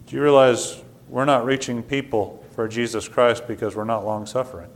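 Stammering preacher man, loud then hushed. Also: mid-range voice, fairly even intonation, moderate pace. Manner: stammering restarts, swings from loud to quiet. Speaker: pastor. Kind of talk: sermon. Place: church sanctuary.

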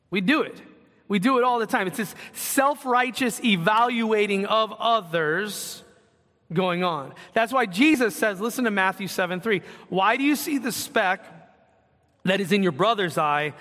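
Male pastor, high bright voice, earnest conversational preaching, long reverb of a church hall. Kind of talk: sermon. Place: church sanctuary.

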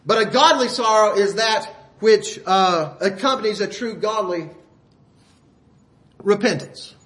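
A male preacher delivers a sermon in a high voice with a bright, forceful edge. His talk is folksy and full of rhetorical questions to the listeners. He stops often to clear his throat. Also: a little slow, a little hiss or hum.

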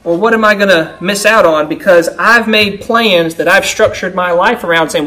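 Man, high voice, preaching a sermon, conversational, keeps asking the congregation "right?". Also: normal speed, sharp tone, poor audio. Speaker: pastor.

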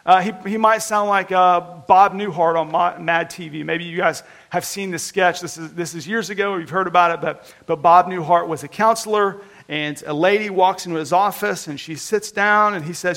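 A man preaching a sermon to his congregation in an earnest, conversational way, acting out quotes with lively energy. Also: high voice, normal speed, few pauses. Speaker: pastor.

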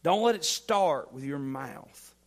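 Preacher guy, bit high voice, gets loud then goes quiet, jokes around with the crowd. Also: slow. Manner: animated preaching, swings from loud emphatic lines to soft asides; folksy humor, playful mock dialogue. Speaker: pastor. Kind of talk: sermon.

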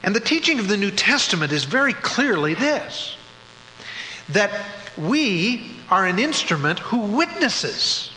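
A man delivers a methodical church Bible lesson, setting out his points one by one. His voice is bright and forceful and sits a little high. The sound carries a long echo from a large hall, with a faint hum underneath. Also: very animated, unhurried. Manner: methodical, lists points, occasional restarts. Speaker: preacher teaching a Bible study series. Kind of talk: sermon-style Bible teaching.

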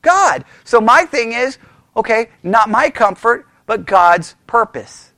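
Guy teaching bible study at church, really high voice, swings all over the place, super animated. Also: slow, dry recording, studio quality. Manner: animated, emphatic, acts out voices. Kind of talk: informal teaching sermon.

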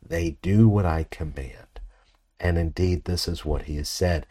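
A preacher works through an expository sermon in a measured, reflective manner. His low voice has a husky edge and a dark tone, and he often pauses to ask his listeners rhetorical questions.

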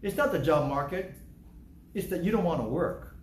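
Preaching in church, an older pastor repeats himself emphatically and plays out members' excuses. His animated voice is on the high side at a moderate pace, heard with reverb and a little hiss or hum.

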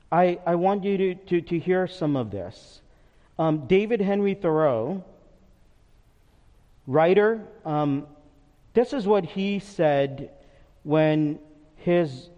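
A man in his pulpit delivering a slow, deliberate sermon, his voice sitting a little high for a man. It is recorded in a church with a long, lingering reverb. The sound is dull and lo-fi. He is earnest and unhurried, growing quiet and soft in prayer. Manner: earnest, measured, drops softly for prayer and memories. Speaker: pastor. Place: church sanctuary.

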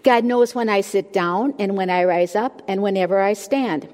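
Older woman, sermon speaker, warm self-deprecating humor, mid pitch, long hall reverb. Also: moderate pace. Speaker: women's ministry speaker.

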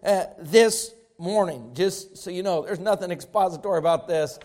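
A man's voice: sits high, normal speed, darkish tone. A man pastor preaching a sermon, with emphatic rising bursts, repeated phrases.

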